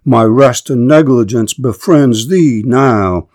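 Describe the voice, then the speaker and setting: A man's voice: medium pitch, takes it slowly, darkish tone, dry recording. Man voicing a proud greek warrior, scornful and commanding, formal verse, dry sound.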